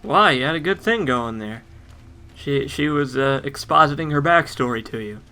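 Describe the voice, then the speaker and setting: A man's voice: medium pitch, animated, normal speed, sharp tone. A man giving casual let's play game commentary with wry, joking asides.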